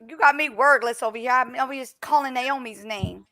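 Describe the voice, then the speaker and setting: A woman's voice: sits high, brisk, bright, forceful tone, a little hiss or hum. A young woman hosting a live stream in casual, teasing chat, laughing often and talking through a headset.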